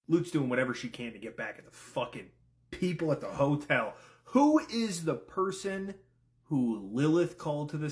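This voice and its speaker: A man giving casual commentary, firing off questions and swearing freely. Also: medium pitch. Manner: rapid-fire questions, profane, excitable. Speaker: content creator.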